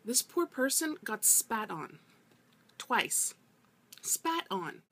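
A woman's voice: on the high side, very animated, extremely slow, fairly bright tone, husky. A woman vlogger ranting about customer service, emphatic and exasperated, often repeating herself for emphasis. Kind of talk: casual ranting vlog.

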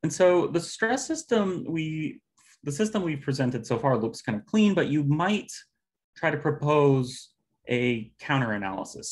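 A man giving an academic talk on phonology, explaining stress patterns with measured pacing and occasional fillers. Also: mid-range voice. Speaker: linguistics presenter.

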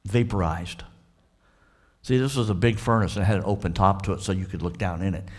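A male pastor with a Southern American accent preaching a sermon, acting out dialogue between the characters in a lively storytelling manner. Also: low voice, brisk. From Florida.

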